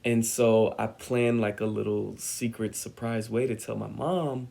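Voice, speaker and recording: Young male vlogger, gravelly and unhurried, telling a dramatic story. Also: fairly low pitch. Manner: animated, dramatic retelling with acted-out quotes. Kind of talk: personal storytelling.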